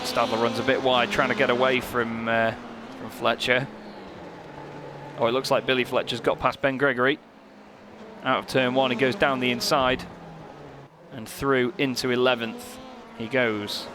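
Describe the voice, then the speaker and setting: A young man calls the race in mid pitch, quick with a joke and lifting when the action tightens. Engine noise roars clearly behind his voice. He sounds like a seasoned race commentator. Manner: lively, joking, gets excited at close moments. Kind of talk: sim racing commentary. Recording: commentary over loud race car noise.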